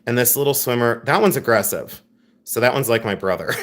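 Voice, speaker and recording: A giggly, joking man sells jewelry on a livestream, mocking himself and chatting directly to viewers. His medium-pitched voice is fairly bright and runs a little fast.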